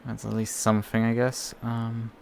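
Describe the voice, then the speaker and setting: A man's voice: mid-range voice, monotone, normal speed, creaky, slight background noise. A man giving live commentary on his own racing, talking to himself, frustrated and swearing often. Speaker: sim racing streamer. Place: home racing rig. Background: music.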